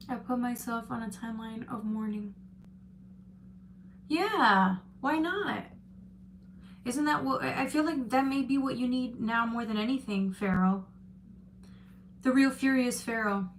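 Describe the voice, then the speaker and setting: A woman with a slightly high voice hosts a live-stream tarot reading. She talks in a chatty, loose way and often restarts her sentences as she reads out viewer comments. A faint noise sits under her voice. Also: a little slow, long pauses. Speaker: tarot reader.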